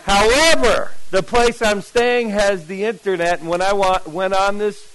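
High-voiced, chatty American preacher man. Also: measured pace, low-quality recording. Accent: mixed American, mostly lost New Jersey. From New Jersey. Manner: chatty storyteller, animated asides to the audience. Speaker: pastor. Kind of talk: sermon. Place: church camp meeting before a congregation.

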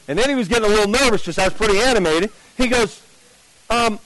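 A man telling his testimony to an audience, conversational and animated, acting out the dialogue with big swings in his voice. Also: high-pitched, quick pace, a little hiss or hum, low-quality recording. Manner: conversational, with fillers and restarts. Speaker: speaker giving a testimony to an audience. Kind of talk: storytelling testimony.

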